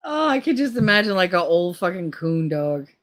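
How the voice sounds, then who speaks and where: A middle-aged woman with a somewhat low voice, chatting casually on her stream. She rambles through crude stories and swears freely. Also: big pitch swings, moderate pace. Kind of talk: casual chat.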